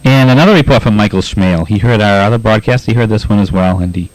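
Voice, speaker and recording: Low-voiced Boston man reading letters. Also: a little mellow, dry recording, poor audio. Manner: laughs often, halting with many uhs. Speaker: pirate radio host. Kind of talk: casual on-air chat reading listener letters.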